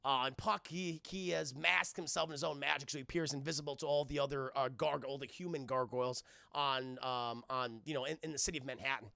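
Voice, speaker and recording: Guy streamer cussing through a cartoon recap, real gravelly, bright voice, dry close mic. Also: mid-range voice, fairly quick, hardly any pauses, dry recording. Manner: rambling, profane, animated, addresses the chat. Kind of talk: casual profane recap to a live chat.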